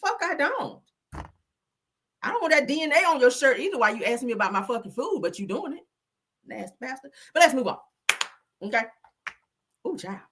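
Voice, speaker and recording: Animated, profane woman live-stream host. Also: high voice, moderate pace, long pauses, slightly rough. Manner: profane, animated, frequent laughter. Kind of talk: casual gossip commentary.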